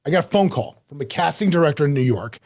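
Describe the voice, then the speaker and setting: A middle-aged man telling a story as a podcast guest, lively and self-mocking, acting out quoted lines. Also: a little high, fast talker. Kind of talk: animated storytelling in an interview.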